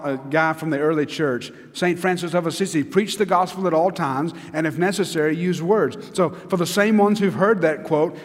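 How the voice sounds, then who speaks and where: A man preaching an earnest, emphatic sermon from a church pulpit. His voice sits a little high for a man, and the long reverb of the sanctuary trails after every phrase. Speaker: pastor.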